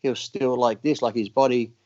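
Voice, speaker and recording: A man's voice: medium pitch, fairly even intonation, fairly quick, a little mellow. A man guest on a podcast, casually telling crude, laughing anecdotes with lots of swearing. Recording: dull lo-fi audio.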